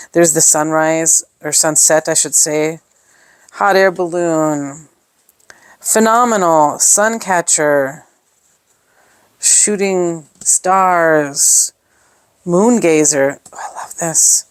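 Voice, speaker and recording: A woman with a low voice, recorded close and dry, chats casually through a craft-supply unboxing. She gushes over each item and thinks aloud with plenty of fillers. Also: no echo. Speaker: scrapbooking product reviewer. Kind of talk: casual unboxing show-and-tell.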